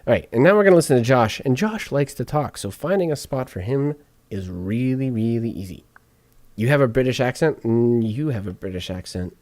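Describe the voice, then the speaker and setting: A man walking through podcast audio editing out loud, chatty and joking to himself as he works. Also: medium pitch, brisk, no room sound. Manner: chatty, jokey asides while working. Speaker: podcast editor streaming his editing session. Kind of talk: casual on-screen tutorial talk.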